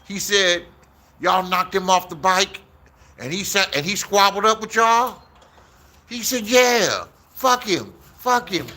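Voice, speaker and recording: A man's voice: high-pitched, bright, forceful tone. A man in his sixties from Inglewood, telling rambling, profane stories in a casual vlog and acting out the voices he quotes, recorded outdoors. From Inglewood, Los Angeles, USA. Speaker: YouTuber.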